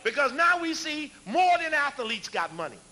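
Man, fiery lecture, high lively voice, bright tone. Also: moderate pace. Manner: preacherly, call-and-response, raises voice to shout.

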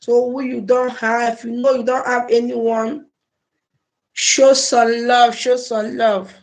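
A woman's voice: fairly high pitch, little pitch movement, slow. A Nigerian woman hosting a casual livestream on a phone or laptop mic, repeatedly pleading with and effusively thanking her viewers. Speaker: livestream host.

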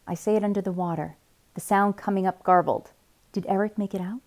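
A woman reading a young adult novel aloud in a quiet, measured first-person narration. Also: mid-range voice, steady tone. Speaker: reader.

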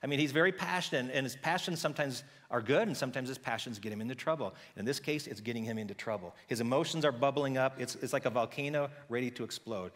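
A man preaching a sermon as pastor, telling a story in a lively conversational way and acting out the characters' voices. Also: medium pitch, quick pace, hardly any pauses, long reverb tail. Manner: conversational with frequent restarts.

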